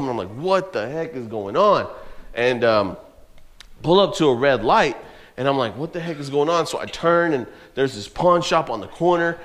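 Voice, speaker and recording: A man's voice: medium pitch, fairly bright tone. A young man preaching to teenagers, telling a story with casual slang and laughter. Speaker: youth pastor. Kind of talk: youth sermon with personal story.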